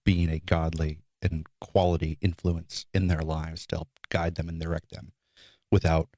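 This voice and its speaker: A middle-aged man in casual podcast conversation, thoughtful and measured as he works through his ideas. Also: rumbling low, flat delivery, dark tone. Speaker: podcast co-host.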